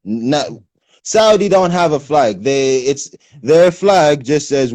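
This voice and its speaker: Guy with a bit of an american lilt chatting on a phone livestream, kinda high voice, dry close sound, animated and slangy. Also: slow pace, dry recording. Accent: English with a slight American lilt. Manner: animated, explaining, street slang. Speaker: livestream host. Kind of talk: casual chat on a livestream.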